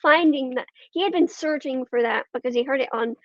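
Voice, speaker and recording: A woman with a high voice talks casually as a podcast guest, pausing often with ums and letting her thoughts trail off. The sound is dry and a little dull and lo-fi. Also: dry recording. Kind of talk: casual conversation.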